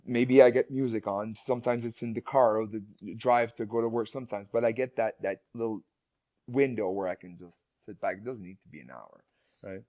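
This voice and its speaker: A man's voice: fairly low pitch, steady tone, fairly quick, warm tone, no room sound, studio quality. A man talking casually as a guest speaker in an interview, speaking with frequent restarts and repeated words. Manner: rambling, many restarts and repeated words, laughs often.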